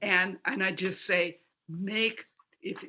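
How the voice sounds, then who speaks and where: A woman speaks as an interview guest, coaching the listener through practical advice one step at a time. Her voice is bright and forward, pitched in a middle range. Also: steady tone, slow. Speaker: interview guest, self-help author. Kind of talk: conversational interview.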